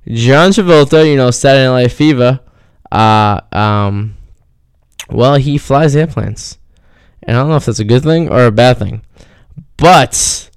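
Hosting a comedy show, a man rambles through a stand-up style monologue, losing his train of thought and speaking directly to his listeners. His mid-range voice sounds clean, with no echo.

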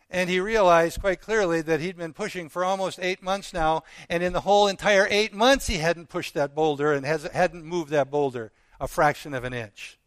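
A man preaching, telling a parable with earnest, slow dramatic pauses. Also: fairly high pitch, fairly bright tone, no echo. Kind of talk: sermon storytelling.

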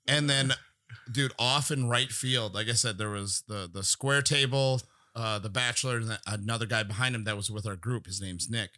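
A man's voice: lowish voice, normal speed, sharp tone, dry recording, studio quality. A man as a podcast guest, telling a rambling, profane story and laughing through it. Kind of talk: casual storytelling.

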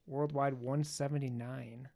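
A man's voice: medium pitch, fairly even intonation, unhurried, creaky, dark tone. A man hosting a podcast, casually recapping a movie in a loose, profane way with joking asides. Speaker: podcast host.

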